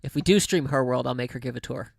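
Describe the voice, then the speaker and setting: Chatty streamer man with a gravelly voice. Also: mid-range voice, quick pace, no echo, clean studio sound. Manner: chatty storyteller, frequent laughs and restarts. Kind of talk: casual livestream chat.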